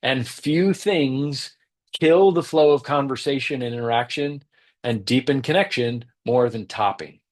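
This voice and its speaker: Male leadership teacher in mid-range pitch; earnest and emphatic, drives his points home by repeating them. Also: measured pace. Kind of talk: teaching talk.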